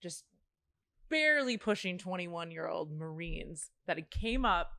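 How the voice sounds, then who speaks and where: A woman's voice: fairly low pitch, expressive, unhurried, creaky, pushed and bright, no echo, studio quality. A woman co-hosting a podcast in a bar, teasing her co-host and chatting casually. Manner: teasing, laughs along. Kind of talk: casual chat.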